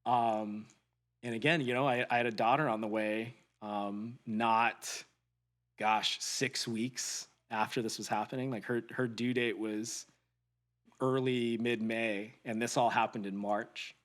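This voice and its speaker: A man's voice: mid-range voice, fairly even intonation, a bit bright. Earnest man telling a personal story. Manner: earnest and reflective, with halting restarts. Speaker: podcast guest.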